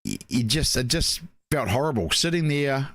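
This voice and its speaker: A man's voice: mid-range voice, very animated, moderate pace, a bit bright, no echo. Nz guy rambling through race-weekend stories, lots of mate you know, dry close sound. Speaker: racing show co-host. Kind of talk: casual chat.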